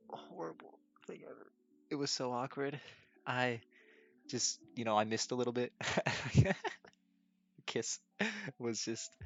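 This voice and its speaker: Low-voiced young man telling an awkward story. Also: fairly bright tone. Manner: nervous, self-deprecating, laughs often. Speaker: podcast host. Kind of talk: casual solo storytelling. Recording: dull lo-fi sound with faint music.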